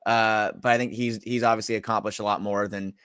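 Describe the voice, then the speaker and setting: A man's voice: fairly low pitch, flat delivery, brisk, a bit bright, clear, resonant tone, no echo, clean studio sound. A man hosting a sports radio show, talking casually and reading from the live chat. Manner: casual, rambling, with fillers.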